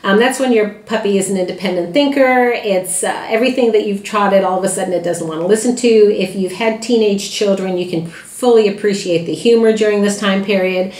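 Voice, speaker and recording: A woman's voice: medium pitch, brisk, few pauses, darkish tone, reverberant. A woman who trains dogs, giving plainspoken advice to puppy owners with frequent "uh" fillers and restarts. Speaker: dog trainer and breeder. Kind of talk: informal talk to puppy owners.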